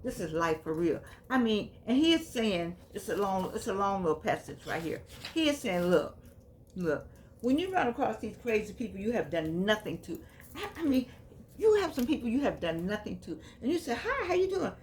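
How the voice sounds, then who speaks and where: Woman reading from a book and chatting about it, mid pitch, bit of faint noise behind her. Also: very animated, normal speed. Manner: reads passages aloud, then riffs on them conversationally; grows quiet and subdued. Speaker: vlogger reading and commenting on a book. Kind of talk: casual reading and commentary.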